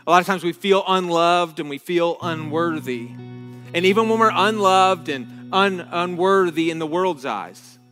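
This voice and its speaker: A man's voice: sits high, sharp tone. Earnest man preaching in a reverberant hall. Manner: earnest, halting restarts, slows down on key words. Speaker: pastor. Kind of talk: sermon. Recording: long reverb with faint guitar music.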